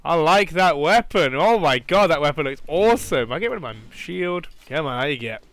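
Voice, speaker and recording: A man giving excitable let's play commentary, jumpy and quick to swear or squeal when scared. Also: fairly high pitch, no echo. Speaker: gaming YouTuber.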